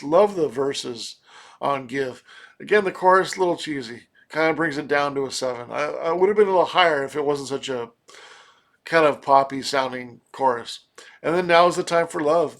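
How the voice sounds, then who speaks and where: A man giving a casual album review, rambling with many fillers and restarts. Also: on the high side. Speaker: music reviewer.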